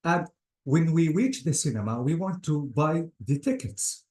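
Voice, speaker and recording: A man's voice: fairly high pitch, sing-song, measured pace, a little mellow. A man teaching an English grammar lecture to a class, often repeating words and calling students "guys". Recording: roomy classroom echo.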